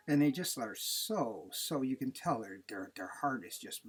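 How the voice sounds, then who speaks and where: A man's voice: mid-range voice, lively intonation, normal speed, breathy edge. A man, a dog breeder, giving plain-spoken, conversational advice in a casual talk.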